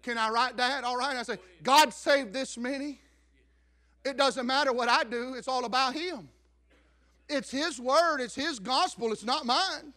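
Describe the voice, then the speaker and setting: A middle-aged man preaches a story-driven sermon from the pulpit. His voice sits very high and rings bright and forceful. He drops to hushed asides, then builds up to shouts. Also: normal speed. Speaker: pastor.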